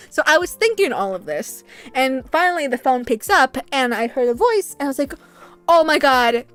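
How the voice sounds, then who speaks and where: A young adult woman streamer chatting casually and telling a rambling, animated story, swearing freely as she goes. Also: sits high, normal speed, clear, resonant tone, dry recording, soft background music. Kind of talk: casual livestream chat.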